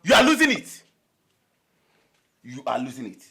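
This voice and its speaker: An actor with a Nigerian accent playing a reproachful friend. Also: male voice, fairly low pitch, lively intonation, normal speed, breathy edge. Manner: reproachful, pleading. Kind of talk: film acting.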